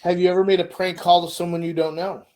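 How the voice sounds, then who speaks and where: A man's voice: high-pitched, quick pace. A middle-aged man co-hosting a casual podcast chat, asking questions and telling stories with acted-out voices. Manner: animated storyteller, acts out voices.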